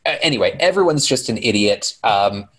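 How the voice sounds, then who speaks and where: Husky-voiced man recapping a movie. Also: fairly low pitch, animated, brisk, fairly bright tone. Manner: rambling, sarcastic, swears often, mimics characters. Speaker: podcast co-host recapping a movie. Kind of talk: casual chat.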